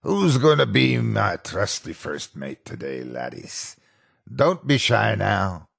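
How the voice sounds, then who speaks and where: A gruff old pirate fox animatronic , as a man puts him on, drawling slowly in pirate talk. The voice sits low and gravelly with a husky edge. It's a spoken storybook reading. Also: very animated, fairly bright tone, full character voice. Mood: slow, menacing.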